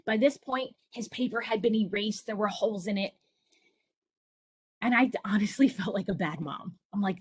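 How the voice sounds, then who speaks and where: Husky-voiced woman presenting to parents. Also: mid-range voice, normal speed, no echo. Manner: personal storytelling, earnest and encouraging. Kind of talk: online presentation for families.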